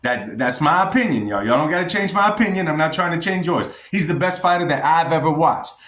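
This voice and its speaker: A man's voice: a little high, animated, brisk, a bit bright. A man giving blunt, emphatic opinions in a commentary vlog, talking straight to his viewers. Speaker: boxing vlogger. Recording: roomy echo.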